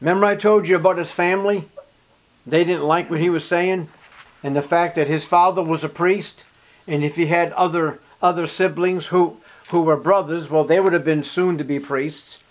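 A man's voice: on the high side, fairly even intonation, moderate pace. A man preaching a sermon, speaking emphatically and addressing his listeners directly.

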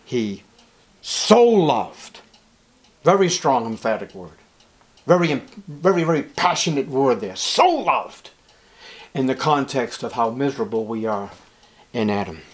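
A man preaching as pastor, emphatic, rising loud on key words and dropping low and soft. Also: normal speed. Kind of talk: sermon.

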